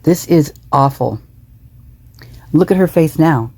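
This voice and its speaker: Low, husky woman commenting with indignation. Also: lively intonation, slow pace, mellow, no echo. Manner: indignant, repetitive, emphatic. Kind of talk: reaction commentary.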